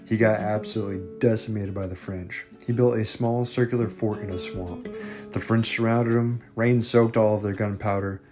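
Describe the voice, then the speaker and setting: A man's voice: on the low side, fairly even intonation, moderate pace, music in the background. A man hosting a history video in casual, irreverent commentary with jokey digressions.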